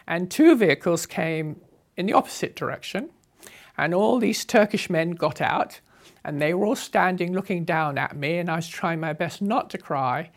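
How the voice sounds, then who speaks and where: A woman in her eighties, unhurriedly telling a story from her past as an interviewee, with a wry touch and soft laughs. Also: on the low side, expressive, normal speed. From England. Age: 80s. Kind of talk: reminiscing storytelling.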